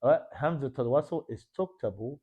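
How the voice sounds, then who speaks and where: A man's voice: mid-range voice, moderate pace, husky, phone-quality sound. A man teaching an Arabic grammar class in a mosque classroom, constantly quizzing his students with questions. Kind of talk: classroom lesson.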